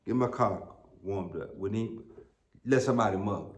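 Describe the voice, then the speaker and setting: A man's voice: on the low side, normal speed. A middle-aged American man preaching a sermon as pastor, telling folksy, humorous stories with emphatic peaks. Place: church sanctuary. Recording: roomy church sound.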